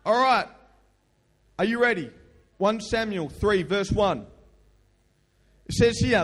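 Young male youth pastor, high voice, casual storyteller, crowd prompts, hall echo. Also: unhurried, long pauses. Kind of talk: lively youth sermon. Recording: long hall reverb.

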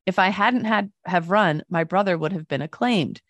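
Animated woman storyteller, dry sound. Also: fairly low pitch, normal speed, no echo. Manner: animated storytelling with voiced quotes. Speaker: co-host. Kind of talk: casual chat, reading news stories.

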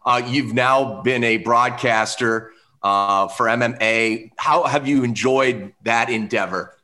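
A man interviewing a guest, asking relaxed, leading questions as a sports broadcaster. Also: medium pitch, slow pace.

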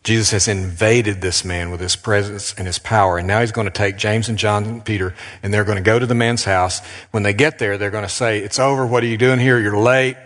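A deep-voiced man preaching a sermon as a pastor, earnest and emphatic. He slows down and leans on his words with dramatic pauses. His voice carries a long reverb, as in a church hall. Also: steady tone, a bit bright.

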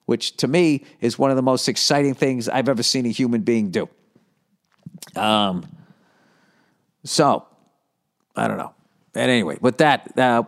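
A man hosting a solo podcast, rambling in a profane, jokey way about his life. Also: fairly low pitch. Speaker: podcast host.

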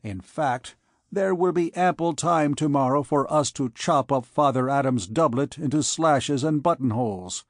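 Brash young captain, quick to draw steel, gallant and boastful, put on by a male narrator. Dry audiobook sound. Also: mid-range voice, no echo, natural voice. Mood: glib, polite.

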